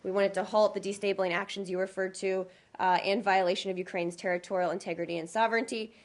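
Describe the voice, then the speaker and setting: A woman in her thirties, a government spokesperson, leading a press briefing in a briefing room. She is losing her voice and moves briskly between prepared statements and informal asides. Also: mid-range voice, little pitch movement. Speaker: deputy spokesperson.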